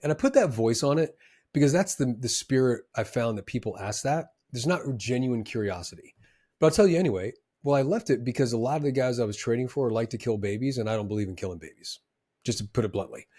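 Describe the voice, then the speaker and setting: A man, a former trader, giving advice in a casual, animated way, with emphatic bursts and frequent fillers. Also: mid-range voice, fast talker, slightly rough. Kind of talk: casual motivational talk.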